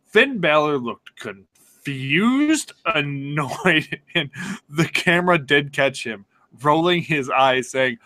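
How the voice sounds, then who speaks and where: A man co-hosting a casual sports podcast, excitable and sarcastic, swearing and laughing as he talks. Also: a little high, slow pace. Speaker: podcast co-host.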